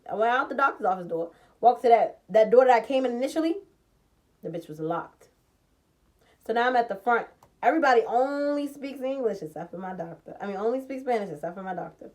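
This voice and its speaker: A young woman is telling a story from her life in a casual vlog, fuming, swearing, and animatedly acting out who said what. She talks fast, with a voice on the high side.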